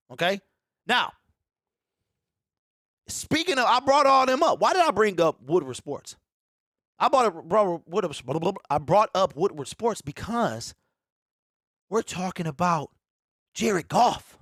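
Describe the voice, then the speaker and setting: A man's voice: sits high, very animated, measured pace, a bit bright, no room sound, studio quality. A man hosting a sports talk show, talking emphatically and repeating his points over and over. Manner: emphatic, repeats lines, mocking quoted voices. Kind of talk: animated sports talk monologue.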